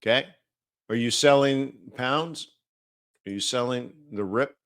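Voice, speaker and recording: A man's voice: medium pitch, unhurried, fairly bright tone, no room sound, studio quality. A man hosting a live market-analysis stream, talking casually and rambling with many fillers and restarts.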